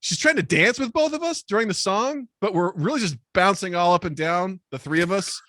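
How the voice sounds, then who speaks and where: A man telling a comedic personal story in casual podcast chat, animated and self-deprecating, acting out the people he quotes. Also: high voice, fairly quick, no echo, clean studio sound.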